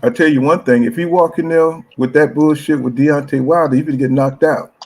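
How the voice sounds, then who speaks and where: A man's voice: a little high, steady tone, brisk, darkish tone, low-quality recording. A man hosting a casual boxing chat show, talking in slang, often saying "you know what I'm saying" and reading out viewer comments.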